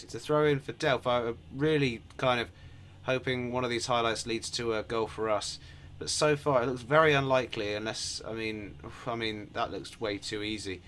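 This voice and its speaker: A young man, a gaming video host, giving sarcastic and excitable play-by-play over his game, swinging from shouts to mutters. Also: mid-range voice, brisk, slight background noise. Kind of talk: gameplay commentary.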